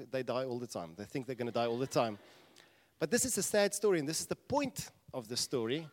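Male preacher, lively storytelling sermon, sudden loud outbursts, middle-pitched voice, echoing hall. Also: fairly quick. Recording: long reverb of a large hall.

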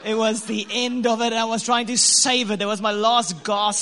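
A man telling a lively story to couples, laughing and acting out his own lines. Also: high-pitched, normal speed, long reverb tail, slight background noise. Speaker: co-host, husband speaking to couples. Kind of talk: animated storytelling talk.

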